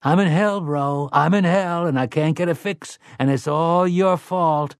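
A man's voice: on the high side, extremely slow, clean tone, no echo, clean studio sound, pitched above the performer's own voice. A man voicing a whining, accusing male junkie calling from the darkness in an audiobook. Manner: accusing and whiny.

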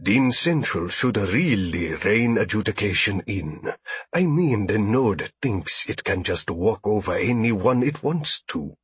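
A man's voice: lowish voice, very animated, takes it slowly, husky, dry recording, heavily acted. A man voicing an obsequious little alien trader in an audiobook, fawning and effusive, often repeating his words. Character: obsequious small alien trader, fussy male.

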